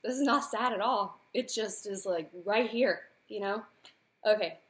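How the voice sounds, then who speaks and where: A woman's voice: mid-range voice, a little slow, a bit bright. A woman in her thirties, an author, chatting earnestly with fillers and then reading aloud from her own book. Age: 30s.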